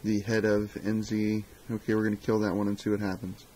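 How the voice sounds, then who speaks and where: A man's voice: on the low side, completely flat delivery, fairly quick, a little mellow, a little hiss or hum, poor audio. A man co-hosting a casual live-stream talk show, wry and joking, muttering to himself as he fixes the stream. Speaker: podcast co-host.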